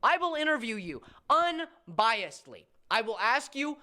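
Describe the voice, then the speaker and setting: A woman delivers a call-out video in a lecturing, confrontational tone. Her voice sits fairly high. She presses her demands firmly and deliberately. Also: very animated, pushed and bright. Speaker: video creator addressing another creator.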